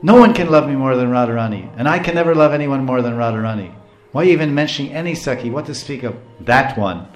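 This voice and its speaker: A man voicing a young divine lover protesting his devotion in rapid, agitated bursts, in a roomy space. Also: mid-range voice, lively intonation, faint music behind, lightly acted. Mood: indignant.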